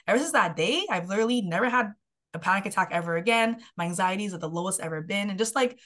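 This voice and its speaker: Animated young woman telling her story. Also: fairly low pitch. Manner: animated storyteller, filler-heavy with frequent "like". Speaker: guest, health and mindset coach. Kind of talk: personal story in a podcast interview.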